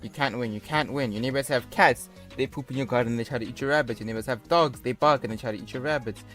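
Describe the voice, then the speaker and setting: A man's voice: mid-range voice, fast talker, a bit bright, faint music behind. A young man commentating a football video game, mixing sports-caster calls with rambling jokey asides. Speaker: gaming YouTuber. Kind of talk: casual gameplay commentary.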